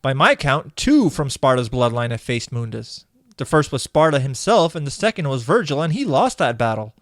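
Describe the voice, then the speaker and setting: A man's voice: mid-range voice, big pitch swings, normal speed, dry recording, studio quality. A man hosting a comedic video game critique, narrating a script in a sarcastic, exasperated way. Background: game music.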